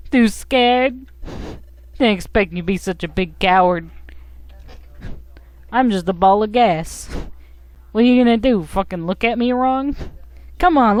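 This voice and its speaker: A woman's voice: fairly high pitch, no echo, pitched above the performer's own voice. A woman voicing a cocky, taunting gas-ball bully creature from a video game, with a mocking, sneering read.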